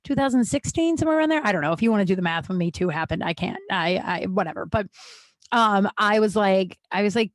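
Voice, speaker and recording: A woman in her thirties talks candidly on her own podcast, blunt and frank, swearing without hesitation and restarting her sentences often. Her voice sits at a middle pitch. The sound is dry and close, from a small room at home. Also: expressive, fast talker, no echo. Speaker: podcast host. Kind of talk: candid personal storytelling.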